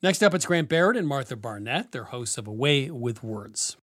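Jokey man radio host with a lively voice. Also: medium pitch, dry recording, studio quality, faint music behind. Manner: jokey, quick to laugh. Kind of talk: radio hosting and casual chat.

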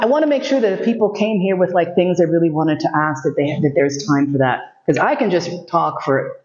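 A woman's voice: on the low side, a little mellow. A woman giving a casual lecture and taking questions, joking often and swearing freely. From United States. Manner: joking, profane, frequent laughs. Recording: echoey room, dull lo-fi sound.

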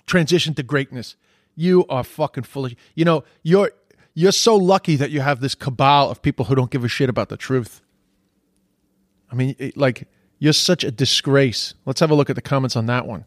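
A man's voice: medium pitch, normal speed, no echo, studio quality. A man ranting about social media posts in a heated, profane way, repeating himself as he gets worked up. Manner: indignant, sweary, repeats himself when heated. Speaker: commentator reacting to posts.

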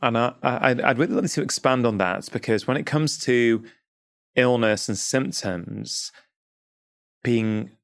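A man hosting an interview conversation, asking reflective questions in a halting way and often repeating words. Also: mid-range voice, vocal fry, dry recording, studio quality. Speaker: podcast host.

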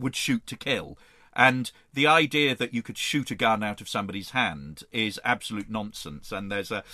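Guy talking history, enthusiastic and rambly, punchy bright voice, low pitch. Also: dry recording, clean studio sound. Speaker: guest historian. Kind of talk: conversational explanation.

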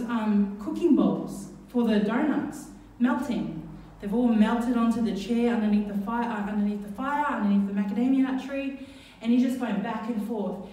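A woman telling a funny true story on stage, lively and laughing, with many fillers and restarts. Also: fairly high pitch, normal speed. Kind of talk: live storytelling to an audience. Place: live venue stage. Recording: echoey venue, mic from far off.

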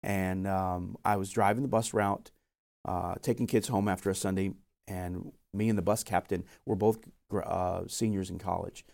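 His voice sits low and is gravelly yet a little mellow, with fairly even intonation at a moderate pace. The young man is a missionary guest giving an interview testimony, earnestly narrating how he was called to missions and acting out what was said.

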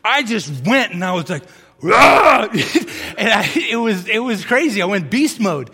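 A man preaching in a lively, animated storytelling way, slipping into the voices of the people in his stories. His voice sits a little high for a man. The sound carries the long reverb of a large hall. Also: normal speed, husky. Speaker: pastor. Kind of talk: sermon.

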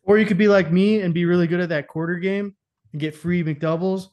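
Brief: young guy, slightly high voice, swears a lot, loose joking storyteller. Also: fairly even intonation, fairly quick, darkish tone. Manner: profane, laughing, storytelling. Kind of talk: casual chat.

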